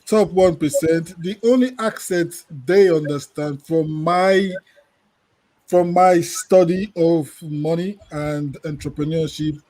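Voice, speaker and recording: Podcast co-host, high mellow male voice, relaxed, reads comments then weighs in. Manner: relaxed, reads listener comments aloud and then gives opinions. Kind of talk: casual panel discussion.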